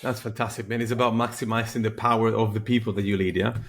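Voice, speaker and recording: A male podcast host speaks in a relaxed, casual interview. He answers his guest with enthusiastic, affirming remarks. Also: on the low side, fast talker, a little hiss or hum.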